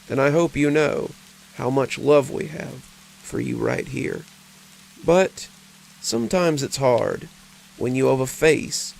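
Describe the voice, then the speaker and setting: An older man narrating cozy horror stories in a slow, intimate way. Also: medium pitch, creaky, darkish tone, slight background noise, poor audio. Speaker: horror storyteller.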